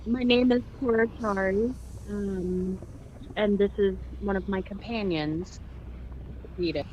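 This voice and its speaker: A woman's voice: medium pitch, slow pace, darkish tone. A woman playing a tabletop game, talking casually with some hesitation. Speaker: player. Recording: dull lo-fi mic with background noise.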